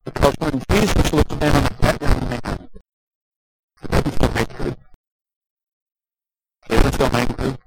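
An older man preaching a sermon as pastor, swinging from loud emphatic peaks down to quiet, low passages and repeating rhetorical questions to the congregation. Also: slow, pauses often, heavy background noise. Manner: repeats "Can I tell you" and asks for amens.

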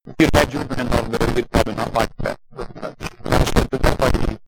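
An older man preaching a sermon as pastor, swinging from loud emphatic peaks down to quiet, low passages and repeating rhetorical questions to the congregation. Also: fairly even intonation, quick pace, creaky, very noisy. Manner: repeats "Can I tell you" and asks for amens.

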